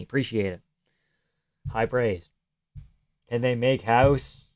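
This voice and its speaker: In a casual live stream, a man reads audience messages and jokes back loosely, sometimes barely above a whisper. His voice is mid-range and darkish, and he takes it slowly with frequent pauses.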